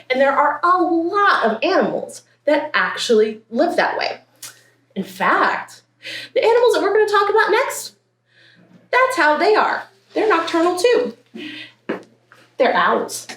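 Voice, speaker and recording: A woman's voice: very high voice, sing-song, unhurried, pauses often, fairly bright tone, far from the mic. A woman librarian leading a story time, reading a picture book aloud and talking playfully to young children. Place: branch library. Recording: roomy echo, faint background hiss.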